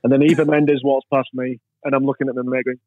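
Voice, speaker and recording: A man's voice: mid-range voice, little pitch movement, quick pace, dry recording. A man telling rambling anecdotes in an interview and acting out the voices of people in his stories. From England. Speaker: interview guest. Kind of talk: storytelling in a casual interview. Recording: dry, tinny phone-like sound.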